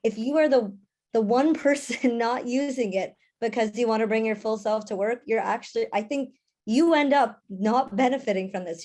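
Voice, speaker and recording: A young woman speaking as a panelist in a casual discussion, chatty with quick asides. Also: a little high, dark tone. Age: young adult.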